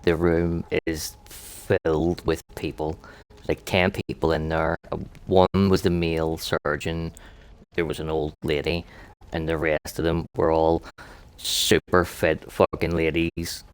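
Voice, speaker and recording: A man's voice: rumbling low, level tone, slow pace, smooth. A man streaming a game live, telling a crude anecdote full of profanity. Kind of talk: profane storytelling while gaming.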